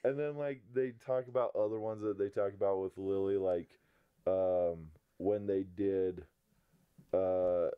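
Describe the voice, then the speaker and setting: A man's voice: sits low, fairly even intonation, measured pace, clear, resonant tone, dry recording, phone-quality sound. A young man hosting a podcast, chatting casually and laughing as he retells a sitcom episode in a rambling way. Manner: laughs often, rambling retelling with quoted lines. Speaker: podcast host.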